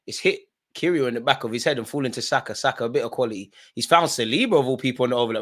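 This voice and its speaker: A young man, streaming a live football watchalong, shifting between nervous muttering and loud outbursts at the referee. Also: medium pitch, very fast. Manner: animated, swings from muttering to shouting at the ref. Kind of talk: live match reaction commentary.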